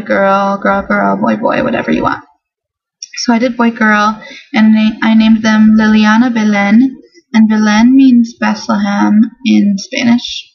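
A woman's voice: medium pitch, darkish tone, slightly rough. A young woman talking casually to her camera, chatty and enthusiastic as she goes through a list. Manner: chatty, enthusiastic about baby names. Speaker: vlogger. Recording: dull lo-fi home recording.

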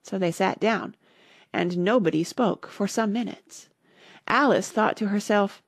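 A woman narrating a classic storybook with steady, unhurried storytelling. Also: mid-range voice, dry recording, studio quality. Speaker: audiobook narrator.

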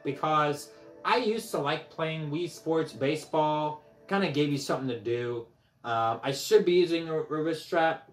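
Young male gamer, excitable trash-talker, out of breath, slow delivery, echoey room, picked up from across the room. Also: fairly high pitch. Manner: excitable, trash-talking, yelps and whoops. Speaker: gaming vlogger. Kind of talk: casual gameplay commentary. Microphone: camera mic from a few steps away. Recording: echoey room, distant from mic.

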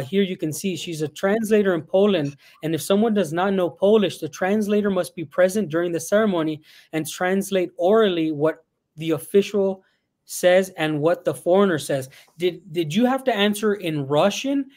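Male livestream host, high voice, chatty and upbeat, reads chat questions aloud. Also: normal speed, darkish tone.

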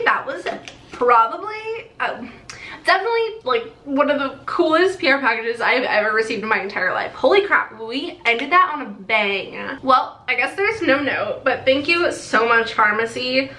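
A bubbly young woman with a high, bright voice chats excitedly through an unboxing and laughs often. She sounds a little far off in an echoey room, with a faint hiss under her voice. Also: moderate pace. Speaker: beauty vlogger. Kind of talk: excited haul unboxing chat.

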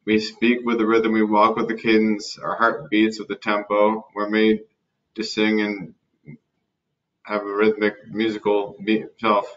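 Low-voiced young man with halting speech. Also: completely flat delivery, fairly bright tone. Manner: halting, with restarts and broken-off words. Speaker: interview guest. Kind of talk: conversational interview answers. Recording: distant, dull lo-fi recording.

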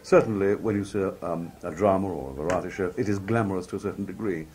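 A Liverpool television announcer with a very low, deep, slightly mellow voice is interviewed at an outdoor country fair on a cricket ground. Talking fast and relaxed, he spins anecdotes about his broadcasting career with a raconteur's flair, mimicking others when he quotes them. A faint hum runs under the recording.

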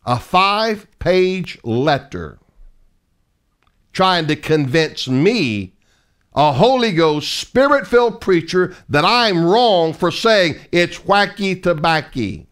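High-voiced fiery male preacher. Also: very animated, takes it slowly, a bit bright. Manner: emphatic, mocking, rhetorical questions. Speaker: evangelist preacher. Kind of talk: fiery sermon.

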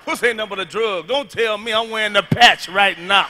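A man doing a stand-up comedy routine, loud and emphatic, hammering his punchlines over and over with a delivery. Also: high voice, fairly quick, a little hiss or hum.

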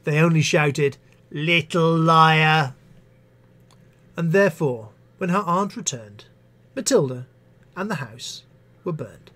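A teacher hosts a live-stream reading of favourite poems. The delivery is unhurried and dramatic, with a lot of rise and fall in pitch. Wry asides break up the verse. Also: animated, breathy edge. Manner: theatrical, dramatic recitation with asides.

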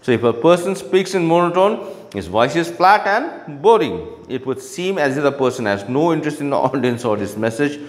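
A man's voice: on the high side, sing-song, normal speed, big-room sound. A male teacher explaining a lesson in an online class, often checking in with "okay" and "right?".

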